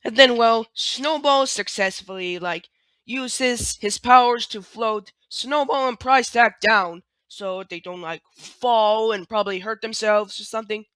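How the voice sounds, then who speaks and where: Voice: medium pitch, measured pace, bright, forceful tone, clean tone, no echo. A speaker casually retelling cartoon scenes in a rambling, hesitant way, full of fillers and restarts.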